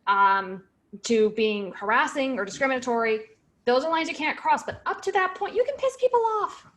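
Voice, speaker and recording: A woman co-hosting a podcast in a casual advice chat, speaking in a direct, emphatic way. Her voice sits a little higher than most women's. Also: animated, normal speed, fairly bright tone. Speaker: podcast co-host.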